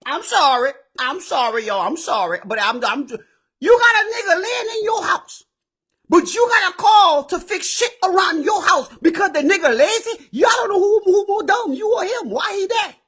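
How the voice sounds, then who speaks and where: A man with a high, bright, ringing voice rants through a straight-talking advice monologue. He is loud and profane, often breaking into shouts. He hosts his own show. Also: moderate pace. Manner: animated, profane, bursts into shouting. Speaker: show host.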